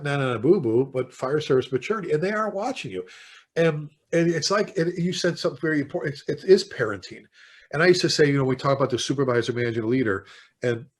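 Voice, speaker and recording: An older man, a fire chief, talking as a podcast guest and telling stories in an animated, conversational way. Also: medium pitch, breathy edge. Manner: animated, quickly quotes people in stories. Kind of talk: conversational storytelling.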